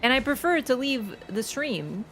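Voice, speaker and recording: A young woman streaming a video game, commenting on the action, swearing and getting loud and excitable in fights, blunt when scolding her chat. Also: high-pitched, a little slow, slight background noise. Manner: excitable, swears, shrieks and laughs during fights. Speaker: gaming streamer. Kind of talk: live gameplay commentary. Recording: game music behind the voice.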